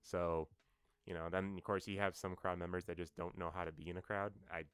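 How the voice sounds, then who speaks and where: A man guesting on a podcast as a band's bassist, telling stories casually with many fillers and restarts. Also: level tone, fairly quick, a bit bright, smooth, no echo. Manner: rambling storyteller, many fillers. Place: New York.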